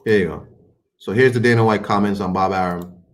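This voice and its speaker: A man with a somewhat low voice talks through boxing news on his livestream. His delivery is loose and colloquial, wandering from point to point in an unhurried, chatty ramble. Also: fairly even intonation. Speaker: boxing commentary streamer. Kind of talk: casual commentary on a livestream.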